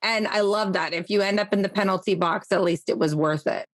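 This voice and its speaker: An enthusiastic woman hosts a podcast interview in a casual, lively way, swearing freely as she chats. Her voice sits at an ordinary middle pitch. It is recorded close and dry, with almost no room sound. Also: fairly quick, no echo. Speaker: podcast host.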